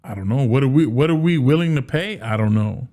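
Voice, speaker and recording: A man giving casual solo commentary as a sports fan, animated, often restarting and repeating words. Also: medium pitch, brisk.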